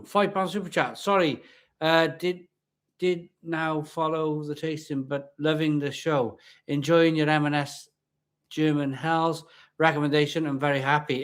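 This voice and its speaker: Chatty man on a home livestream. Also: fairly high pitch. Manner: chatty, repeats himself, talks to viewers. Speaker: beer reviewer livestream host. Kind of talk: casual live-stream chat. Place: at home in front of a laptop webcam. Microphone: laptop webcam.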